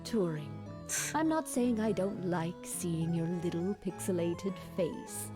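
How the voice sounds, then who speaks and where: A woman's voice: on the low side, lively intonation, slow pace, music in the background. A woman voicing a dry, fond character who prefers robots to people, speaking wryly.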